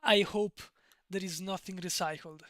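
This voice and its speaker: A man's voice: sits high, fairly even intonation, normal speed, pushed and bright, no room sound, studio quality. A man with an Italian accent chatting casually on a live stream, rambling, digressing and laughing often. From Italy.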